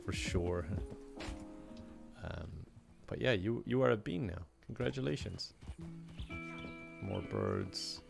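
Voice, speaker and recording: A man's voice: low-pitched, vocal fry. A young man streaming a game, chatting casually, laughing often and reading out donations. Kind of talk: casual live-stream chat while gaming.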